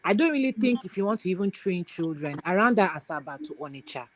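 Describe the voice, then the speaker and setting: A woman's voice: lowish voice, expressive, fast. A woman from Nigeria, calling in to a live show and explaining her view while checking that the listener understands. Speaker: caller. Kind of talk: call-in commentary.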